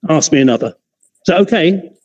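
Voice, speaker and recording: A man's voice: on the high side, animated, a little fast, a little mellow, muffled recording. A man teaching an optics class in an informal, chatty way, often digressing and restarting his sentences. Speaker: optics lecturer.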